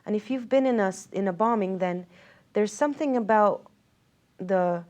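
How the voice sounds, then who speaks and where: A woman's voice: medium pitch, normal speed, a little mellow. A woman from Israel, an interview guest, telling a personal story earnestly and reflectively, with many fillers and restarts.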